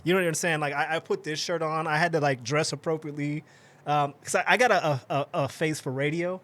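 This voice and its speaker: A podcast guest chatting in a studio, his voice sitting a little high for a man. He laughs easily, mocks himself and trips over quick restarts. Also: steady tone, fairly bright tone. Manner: laughing, self-mocking, stumbling restarts. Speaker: podcast guest, content creator. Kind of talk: casual chat.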